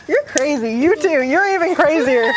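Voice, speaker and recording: High, giggly woman on noisy camcorder. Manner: giggly, playful, frequent laughing exclamations. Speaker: vlogger. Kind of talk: casual home-video play with children. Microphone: built-in camcorder mic. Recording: loud noisy camcorder audio.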